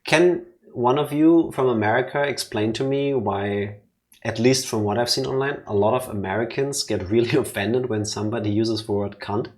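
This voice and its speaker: Man co-host, chatty and jokey, mid-pitched, full of questions. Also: moderate pace. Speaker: co-host of a let's play. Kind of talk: casual chat.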